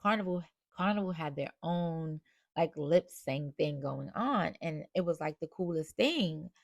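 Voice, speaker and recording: A woman's voice: sits low, lively intonation, a little slow, gravelly. A woman talking in a casual, confessional vlog as a motivational speaker and mom coach, earnest and emotional, rambling with many fillers.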